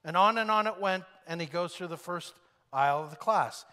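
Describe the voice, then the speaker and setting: A man's voice: high-pitched, fairly quick, in a large hall. A man preaching a sermon, telling a story and acting out the people in it. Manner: animated storyteller acting out quoted voices. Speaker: pastor.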